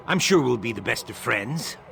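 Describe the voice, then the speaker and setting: An actor voicing a stern male video game character with a deep, gravelly voice and a grave, pointed delivery. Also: animated, normal speed, fairly bright tone, faint music behind.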